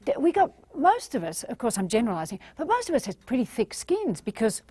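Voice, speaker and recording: A woman's voice: on the high side, wildly swooping pitch, fairly quick, mellow, husky, no echo. A woman from Australia, giving a motivational talk and acting out the voices she quotes. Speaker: motivational speaker.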